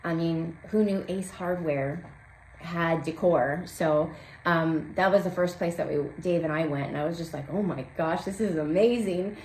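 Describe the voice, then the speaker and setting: A woman's voice: low voice, steady tone, measured pace, a little mellow. A woman in her forties chatting casually and cheerfully as a craft vlog host, with plenty of ums. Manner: chatty, upbeat, many fillers. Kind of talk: casual chat. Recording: roomy echo, faint background hum.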